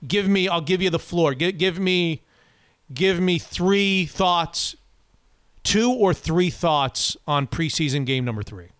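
Man hosting sports talk, slightly high voice, quick restarts, dry studio sound. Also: clean tone, no echo. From Florida. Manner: animated, quick back-and-forth, many restarts. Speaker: sports radio host.

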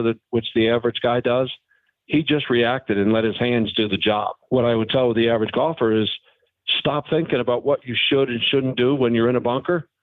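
A former pro golfer, a man, talking haltingly but frankly as a phone-in guest on a radio interview. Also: mid-range voice, no room sound. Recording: tinny phone line.

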